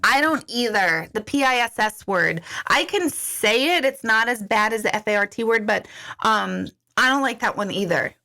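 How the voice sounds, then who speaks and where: A woman's voice: on the high side, expressive, normal speed, pushed and bright. A middle-aged woman chatting casually on a livestream, answering viewer comments in a chatty, giggly way with many restarts. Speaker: intuitive coach hosting a livestream. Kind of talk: casual live chat reading viewer comments.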